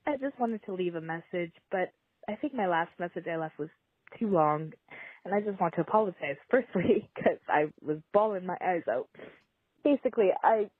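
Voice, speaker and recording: A woman's voice: on the low side, slightly rough, dry recording. Woman on a tinny phone voicemail. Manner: rambling, emotional, apologetic. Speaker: caller. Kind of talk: voicemail confession.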